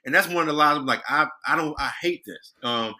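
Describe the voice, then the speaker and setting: A man's voice: on the high side, fast talker, pushed and bright. A man on a podcast, reflecting and telling a personal story in casual chat, often restarting his sentences. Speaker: podcast co-host.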